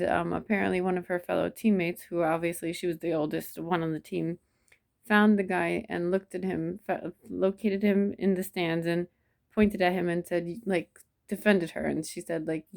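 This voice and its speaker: Soft-spoken, reflective woman. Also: lowish voice, steady tone, creaky. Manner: soft-spoken, reflective, many pauses and restarts. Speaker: vlogger. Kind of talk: personal storytelling to camera.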